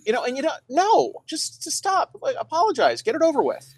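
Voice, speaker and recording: A man's voice: very high voice, wildly swooping pitch, fairly quick, no room sound. A man co-hosting a podcast in casual chat, teasing and cracking jokes. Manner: wisecracking, teasing. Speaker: podcast co-host.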